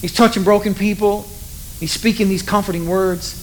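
A man's voice: sits high, fairly even intonation, moderate pace, a little hiss or hum, low-quality recording. A man preaching a sermon in a loose, conversational storytelling way, full of asides to the audience. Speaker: pastor.

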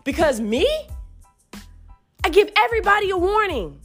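Angry woman venting, lively high voice. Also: moderate pace, faint music behind. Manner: heated, profane, rising to yelling. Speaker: podcast host.

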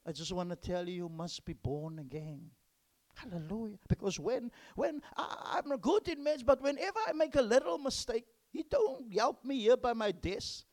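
A male pastor with a high voice preaches a sermon emphatically, swinging between loud exclamations and hushed whispers.

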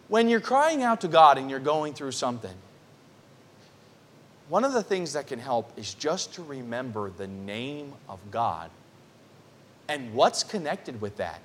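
High-voiced man preaching a sermon. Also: lively intonation. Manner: earnest, reads scripture slowly, restarts phrases. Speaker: pastor. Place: church.

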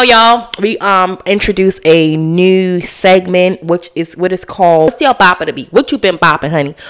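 A woman hosting a casual solo podcast, animated and chatty, slipping into slang and cussing. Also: on the low side. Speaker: podcast host.

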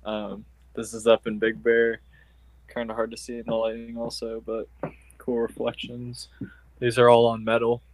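A man's voice: medium pitch, monotone, normal speed. A man chatting over a video call on a tablet, easygoing and hesitant, with lots of ums. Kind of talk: casual video call chat.

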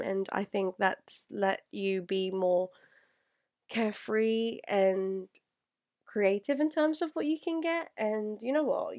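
A young woman speaks in a mid-pitched voice to her past self. She is earnest and rambling, with plenty of fillers and restarts, and sounds close to tears. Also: a little mellow. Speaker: vlogger.

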